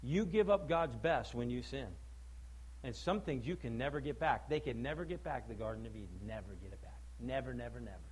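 A male preacher giving a sermon, emphatic and full of rhetorical questions, swinging between loud declaiming and low, quiet stress. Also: breathy edge, low-quality recording.

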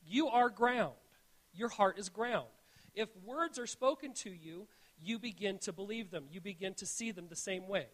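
High-voiced man preaching an earnest sermon. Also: lively intonation, moderate pace, a bit bright. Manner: earnest, storytelling, frequent restarts. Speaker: pastor. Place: church.

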